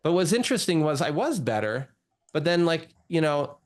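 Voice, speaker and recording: A man's voice: fairly high pitch, sing-song, moderate pace. A man, a doctor, telling his own story in a casual interview, full of "like" and "you know". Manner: chatty, lots of "like" and "you know". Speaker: guest doctor.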